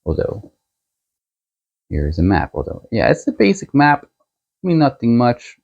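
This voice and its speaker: A man hosting a book channel, chatting casually as he shows a book set and reviews a novel, unhurried and chuckling as he thinks aloud. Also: medium pitch, huge pitch swings, gravelly, darkish tone, lo-fi sound.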